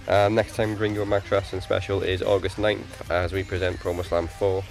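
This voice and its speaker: A man hosting a casual wrestling podcast, reading show announcements in a flat, robotic way. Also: sits low, fairly quick, vocal fry, soft background music. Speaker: podcast host.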